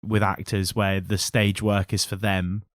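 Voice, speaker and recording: A man's voice: deep voice, little pitch movement, unhurried, dry recording, studio quality. A man co-hosting a podcast, chatting casually and musing aloud, often ending with tag questions. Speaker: podcast co-host. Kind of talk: casual chat about comics.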